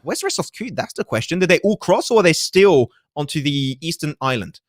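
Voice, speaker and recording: A male esports caster rattles through live play-by-play at a fast clip, his voice sitting a little high. He talks into a headset with a dry, close sound and tosses in quick jokes between calls. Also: no room sound. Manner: fast, energetic, joking asides.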